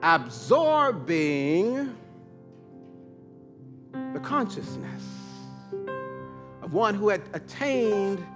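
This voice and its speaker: A man's voice: mid-range voice, measured pace, over music. A male pastor preaching a sermon through a humorous personal story with playful asides.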